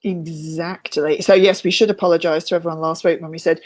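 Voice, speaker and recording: A woman's voice: lowish voice, steady tone, brisk. Playful woman co-host. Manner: playful, teasing, chatty. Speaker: podcast co-host. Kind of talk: casual video podcast chat. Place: room in a mountain house.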